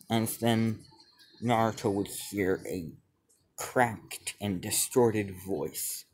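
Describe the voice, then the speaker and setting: A man telling a fan-made story off the cuff, halting and restarting his sentences, stringing events together with "as". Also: on the low side, a little mellow. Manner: halting, many restarts and repeated "as he would". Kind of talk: improvised fan-fiction narration.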